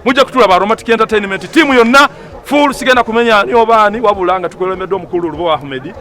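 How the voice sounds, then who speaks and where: A young man from Uganda, a former student and entertainer, giving a lively casual speech outdoors at a school event and talking straight to viewers. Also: high-pitched, very fast.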